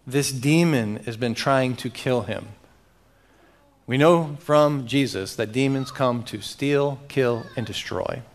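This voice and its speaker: A man preaching a sermon, reading scripture dramatically and urging his listeners directly, with sudden loud rises. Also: mid-range voice. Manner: speaks directly to the audience, urging and emphatic.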